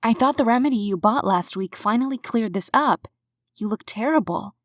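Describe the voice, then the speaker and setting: A woman's voice: lively intonation, moderate pace, no room sound. Casting: woman reader as a caring, fussing young witch, slightly raised voice, in a dry booth. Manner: fussing, a little higher and brighter.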